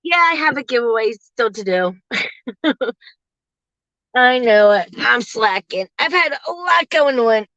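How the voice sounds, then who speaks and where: A woman in her forties chats casually from her parked car, laughing often. Her voice is bright and a bit high, and the sound is dry and a little dull, like a phone recording. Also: takes it slowly, dry recording. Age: 40s. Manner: chatty, laughs often, animated when quoting. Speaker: livestream host. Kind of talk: casual chat to viewers.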